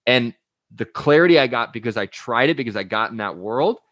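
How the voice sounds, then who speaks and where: A man's voice: medium pitch, a little fast, no echo. A young man, a coach, talking casually as an interview guest, telling stories and acting out quotes with energy. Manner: energetic storyteller, uses anecdotes and acted-out quotes.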